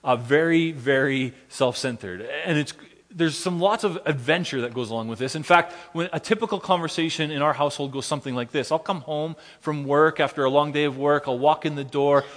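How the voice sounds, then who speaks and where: A man preaching a sermon as pastor, his voice sitting a touch high for a man. He talks earnestly and pokes gentle fun at himself. His words ring out with a long tail of reverb through a church sanctuary. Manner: earnest, with gentle self-deprecating humor. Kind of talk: sermon with opening prayer.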